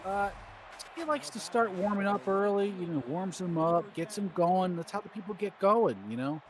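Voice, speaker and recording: A man's voice: high voice, lively intonation, moderate pace, a little hiss or hum. A man doing rambling, jokey play-by-play commentary on a baseball video game stream.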